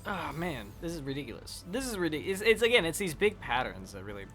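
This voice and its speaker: A man's voice: a little high, very animated, quick pace, a bit bright, soft background music. A man chatting casually with viewers while playing a game on a live stream, rambling and swearing when he fails.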